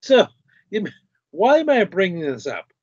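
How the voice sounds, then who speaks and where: A man's voice: high-pitched, wildly swooping pitch, a little slow, a little mellow, husky, dry recording, lo-fi sound. A man hosting a stream, chatting casually and retelling a story with other people's words. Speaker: stream host. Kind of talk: casual conversation.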